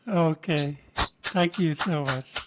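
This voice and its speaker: A man hosting a small comedy show and wrapping it up, halting and full of fillers. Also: fairly high pitch, heavy background noise. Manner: unhurried, halting, with many fillers. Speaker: event host. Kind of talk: closing remarks.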